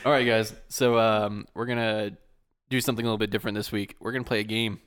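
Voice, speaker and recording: A man's voice: on the low side, level tone, fast, fairly bright tone, smooth. Laughing young man hosting a podcast chat. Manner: laughs often, repeats words while talking. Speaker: podcast host. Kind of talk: casual chat.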